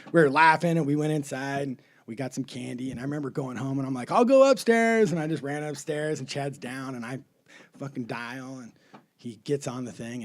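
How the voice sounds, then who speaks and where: A middle-aged man, a comedian, telling a profane story in a rowdy, swearing, laughing way. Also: medium pitch. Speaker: comedian guest.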